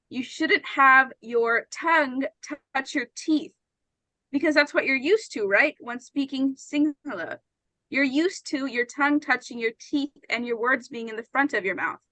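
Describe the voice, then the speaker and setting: A woman's voice: high-pitched, sharp tone, no room sound, poor audio. A woman teaching an English pronunciation lesson, patient and often checking that her students understand.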